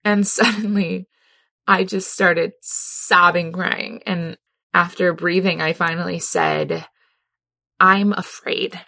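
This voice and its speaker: A woman's voice: on the low side, level tone, slow, creaky, sharp tone, no echo, clean studio sound. A woman talking earnestly and heartfelt about a personal experience, laughing easily as she tells it. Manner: earnest, heartfelt, laughs often while telling. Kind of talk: personal reflective talk.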